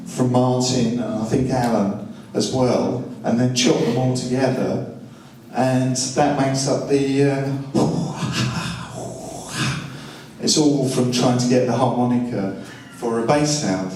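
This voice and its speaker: A man's voice: medium pitch, fairly even intonation, unhurried, warm tone, a little hiss or hum. A man who is a record producer, telling studio stories in a dry anecdotal way and acting out what people said. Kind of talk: studio walkthrough talk. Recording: distant roomy mic with music.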